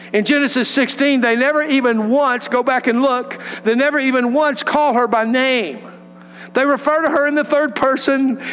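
A man's voice: very high-pitched, fairly bright tone. A man preaching a sermon as pastor, earnest and emphatic, building on repeated phrases. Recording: long hall reverb with faint mains hum.

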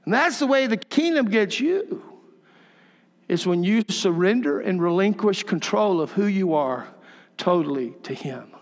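A man's voice: sits high, animated, a little slow, in a large hall. An older man preaching a sermon, telling folksy stories with chuckling asides. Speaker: pastor.

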